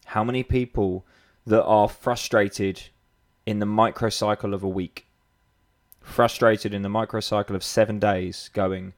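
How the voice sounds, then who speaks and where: A man's voice: on the low side, little pitch movement, a little slow. A man with a British accent, a fitness coach giving a blunt, sweary, rambling motivational talk. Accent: British English. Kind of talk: motivational monologue.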